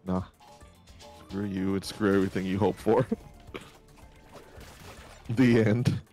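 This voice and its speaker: Low-voiced guy, casual gameplay banter, jokey and crude. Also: fairly even intonation, takes it slowly, dark tone, soft background music. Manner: joking, laughs often, swears freely. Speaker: let's play co-host. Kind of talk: casual gaming chat.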